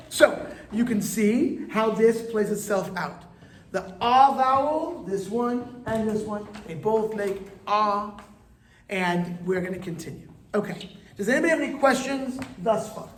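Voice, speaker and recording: A man's voice: very high voice, moderate pace, fairly bright tone. A man, a rabbi, teaching an informal Hebrew lesson with joking side notes and call-and-response vowel drills. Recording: echoey room.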